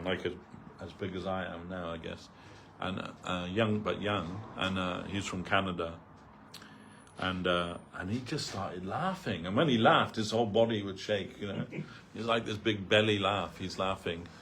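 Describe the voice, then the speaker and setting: A man speaks in a fairly low voice, telling stories and explaining a reading in a loose, meandering way. His talk is stacked with "like" and "you know". A faint hiss sits behind him. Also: a bit bright. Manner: rambling, full of "like" and "you know". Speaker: devotee speaker. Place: temple hall.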